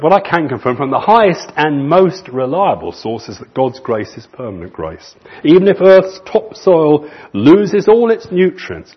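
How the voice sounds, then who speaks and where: A man preaching a sermon in an earnest manner, stretching key phrases slowly for emphasis. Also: on the high side, slightly rough. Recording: muffled lo-fi recording.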